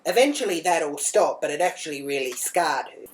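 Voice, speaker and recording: Blunt, crude mum, lowish voice. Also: female voice, big pitch swings, fairly quick, slight background noise. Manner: blunt, crude, swears freely, rambling asides. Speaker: mother. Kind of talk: comic character monologue.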